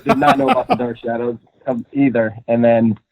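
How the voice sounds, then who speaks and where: A young actor from Minnesota, a man with a medium-pitched, creaky voice, chats as a guest in a casual interview, rambling with plenty of fillers and laughter. His pitch swoops wildly and his pace is brisk. The audio is dry with no room sound, carried over a tinny, phone-like line.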